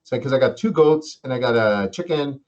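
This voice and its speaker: A man's voice: medium pitch, animated, a little fast, darkish tone, a little hiss or hum. A man hosting a casual interview, joking around and rambling through anecdotes. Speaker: interview host. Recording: dull lo-fi sound.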